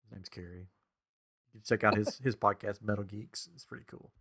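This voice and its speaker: A man's voice: lowish voice, fairly even intonation, brisk, sharp tone. A man co-hosting a casual geek podcast, joking and self-deprecating as he chats. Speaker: podcast co-host. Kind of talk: casual chat.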